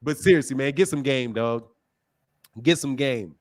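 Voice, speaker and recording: A man's voice: mid-range voice, moderate pace. A middle-aged man hosting a boxing live stream from his home desk, taunting and mocking a caller and laughing often while leaning into his computer mic. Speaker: boxing channel host. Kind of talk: heated live-stream argument.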